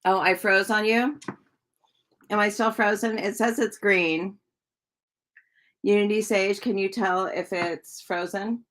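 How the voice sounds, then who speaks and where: A woman tarot reader chatting on a live stream, answering viewers' comments in a slow, drawn-out way with many ums. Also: mid-range voice, fairly even intonation, a bit bright.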